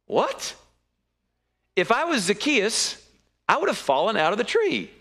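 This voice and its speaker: A man preaches a sermon, telling the story with lively energy and leaping up in pitch when something surprises him. His voice is bright and a little high for a man. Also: normal speed. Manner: animated storytelling with sudden high-pitched exclamations.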